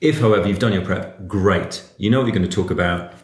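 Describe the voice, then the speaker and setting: A man giving casual advice on performing, animated and chatty. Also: deep voice, fast talker. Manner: animated, chatty, slips into quoted voices. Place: cafe. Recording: echoey room.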